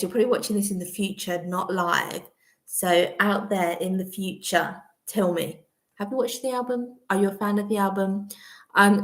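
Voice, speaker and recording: A woman hosting a casual live chat from home, rambling between topics and laughing often. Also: mid-range voice. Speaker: vlogger host. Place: at home, indoors.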